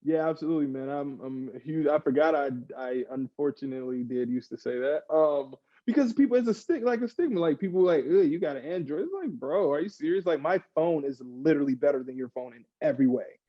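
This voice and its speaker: A man, a podcast guest, chatting casually and getting worked up, acting out other people in quick mock quotes. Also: on the high side, dry recording, highs cut off. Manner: animated, rants with mock quotes. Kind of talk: casual chat.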